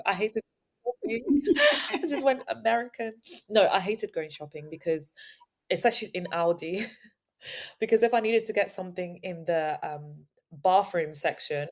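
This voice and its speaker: A young woman co-hosting a podcast, talking in a halting, casual way with many restarts. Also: lowish voice. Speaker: podcast co-host. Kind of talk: casual chat.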